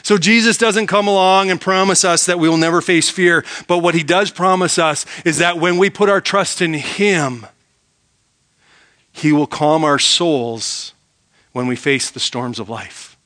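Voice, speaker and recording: Bright-voiced male preacher, emphatic. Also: a little high, unhurried. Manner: emphatic, rhetorical questions, drops to quiet for emphasis. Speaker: pastor. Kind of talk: sermon.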